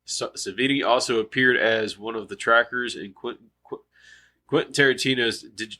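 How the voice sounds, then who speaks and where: A man's voice: medium pitch, sharp tone. A man in his early thirties with a nasal voice, co-hosting a casual film podcast and reading a profile, restarting words he trips on. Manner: reads haltingly, restarting mispronounced words. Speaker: podcast co-host.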